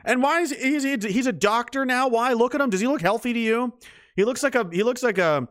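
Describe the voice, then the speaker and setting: A man's voice: very high voice, brisk, fairly bright tone, no echo, clean studio sound. A man ranting sarcastically and swearing freely, reading and answering his chat in a livestream.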